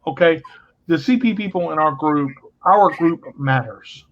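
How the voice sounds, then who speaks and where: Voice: mid-range voice, unhurried, slight background noise. A co-host on a casual radio show who tells stories with a playful, joking manner. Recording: dull lo-fi sound.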